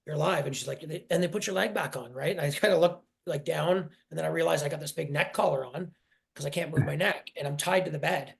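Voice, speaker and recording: A man in his forties telling his personal story in an interview, halting and emotional, often restarting his sentences. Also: on the high side, vocal fry. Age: 40s. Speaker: guest.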